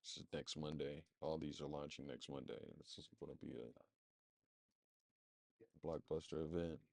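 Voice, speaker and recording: A man with a very low, dark and mellow voice talks through a screen-share walkthrough, thinking aloud as he goes. His delivery is loose and rambling, full of fillers. The sound is dry and close, with no room echo. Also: fairly even intonation, moderate pace, creaky. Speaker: marketing agency presenter.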